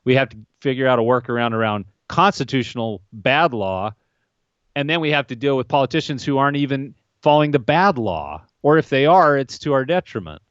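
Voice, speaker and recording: A man's voice: medium pitch, animated, brisk, clear, resonant tone, no room sound, dull audio. A man hosting a political podcast, opinionated and wry, asking pointed questions. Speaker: podcast host.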